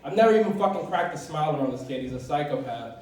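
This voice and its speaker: A man's voice: a little high, lively intonation, quick pace, a little mellow, recorded from a distance, slight background noise. Rambling young man doing stand-up in an echoey club. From Southeast Washington, D.C. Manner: rambling, profane, many fillers and restarts. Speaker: first-time stand-up comedian. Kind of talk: stand-up comedy set. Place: comedy club stage, open mic. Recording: very echoey room, voice from afar.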